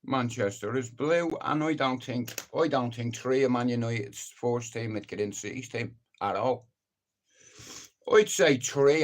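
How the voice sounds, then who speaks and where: A middle-aged man hosting a live stream, ranting casually in a blunt, sweary, rambling way. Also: medium pitch. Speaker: livestream host.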